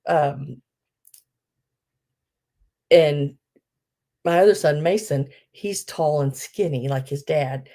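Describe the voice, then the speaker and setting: Lady hosting a live sale stream, low voice, unhurried, lots of ums and oh my goodness. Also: dark tone. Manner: chatty, gushing, trails off with ums. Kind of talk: casual live-stream chat.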